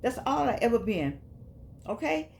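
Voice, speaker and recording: A vlogger reads passages from a book aloud and discusses them in a casual, down-to-earth way, eventually growing quiet and subdued. Her voice is a little high, very animated and creaky at a moderate pace, with a little hiss or hum.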